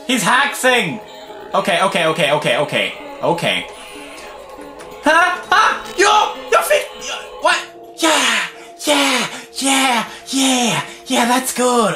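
A young man in his twenties with a Swedish accent, commentating a game while swearing, muttering low and yelling high. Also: very animated, slow pace, reverberant, soft background music. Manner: loud, swearing, swinging between low mutters and high yells. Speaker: gaming video host. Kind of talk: gameplay commentary.

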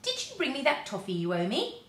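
A woman's voice: high voice, wildly swooping pitch, brisk, a little hiss or hum, pitched above the performer's own voice, heavily acted. Woman doing a squealing Moonface. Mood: delighted. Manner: squealing, shouting, mumbling through a mouthful of toffee. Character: excitable little man with a round moon face. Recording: roomy echo.

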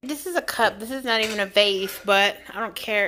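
A woman's voice: medium pitch, a little fast, pushed and bright, a little hiss or hum. A woman vlogger chatting casually to viewers while cooking in her home kitchen. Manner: chatty, talks straight to viewers.

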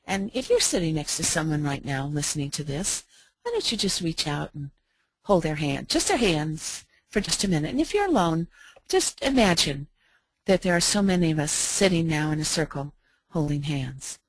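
A middle-aged American woman telling a heartfelt personal story in a gentle, slow, reflective way with soft pauses. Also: sits low, very animated, breathy edge, no room sound. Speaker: speaker.

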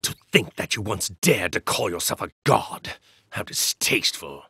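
Brief: an arrogant villain god for a fighting game, gravelly and haughty, slow menacing delivery swinging from low sneers to high shouts, bright edge, dry studio sound. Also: male voice, sing-song, dry recording, heavily acted. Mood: contemptuous. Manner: haughty, contemptuous, grandiose. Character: arrogant evil god in a hero's body, male. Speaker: video game character. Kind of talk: game voice lines.

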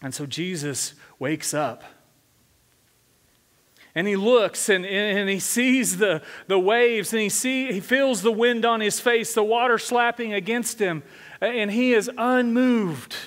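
A man with a high voice delivers a sermon, speaking conversationally and often asking the congregation questions. The sound carries a long reverb, like a big church sanctuary. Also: slow pace, fairly bright tone. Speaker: senior pastor.

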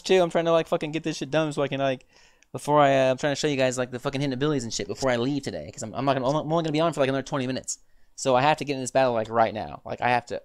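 A man's voice: medium pitch, quick pace, fairly bright tone, clear, resonant tone, dry recording, soft background music. Exasperated young man ranting over gameplay. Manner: frustrated, swearing, repetitive exclamations. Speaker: gaming streamer. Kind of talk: reactive gameplay commentary.

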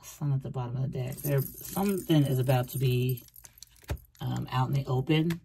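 A woman's voice: a bass voice, moderate pace, creaky, dark tone, slight background noise. A woman doing a casual tarot reading, rambling and repeating herself as she talks through the cards. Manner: chatty, rambling, repeats phrases, acts out quoted thoughts. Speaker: tarot reader.

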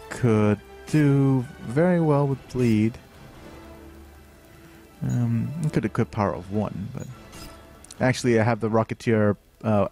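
A man hosting a game livestream, commentating as he plays, prone to excitable high-pitched outbursts and thinking aloud with many fillers. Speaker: livestream host playing a game. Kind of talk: live gameplay commentary.

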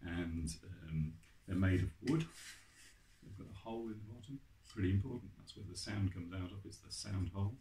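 A man's voice: low-pitched, moderate pace, warm tone. A man teaching an online music lesson to children, upbeat and encouraging, counting in and singing along. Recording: echoey room with faint noise.

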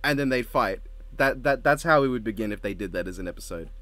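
A man's voice: mid-range voice, expressive, fast, a bit bright, dry recording. A man chatting casually as a co-host, joking, swearing freely and laughing often. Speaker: co-host ranking show intros. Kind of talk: casual podcast chat.

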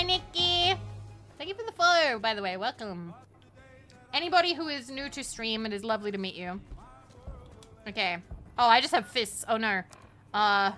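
Young woman, from Australia, high-ish voice, giggly, playful, livestream gaming chat. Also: bright, forceful tone. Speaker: streamer.

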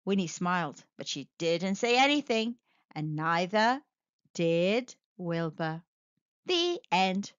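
A woman telling a children's story aloud, with a sing-song, expressive delivery, in a slightly muffled, dry recording. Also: fairly low pitch, slow pace, clean tone, no room sound. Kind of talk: children's read-aloud narration.

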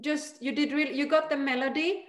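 A woman teaching a group chanting lesson over a video call, patient and encouraging, demonstrating each line slowly. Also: sits high, fairly even intonation, echoey room.

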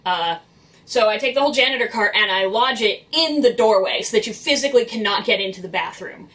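A young woman vents on her vlog about cleaning up after strangers, blunt, exasperated and unafraid to swear. Her voice sits a touch high for a woman. It sounds a little distant from the microphone. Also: expressive, fairly quick, a bit bright. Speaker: vlogger who works in retail cleaning. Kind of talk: venting storytime vlog.

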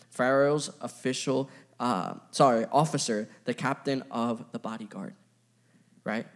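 A young man giving a casual, playful youth sermon, chatting with his audience and filling his talk with asides. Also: medium pitch. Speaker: youth pastor.

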